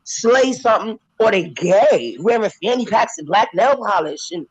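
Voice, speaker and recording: Speaking at a moderate pace in a husky, mid-range voice, a woman phones into a talk panel and preaches emphatically. She's near tears, animated, and acts out voices, with no room sound on a rough recording.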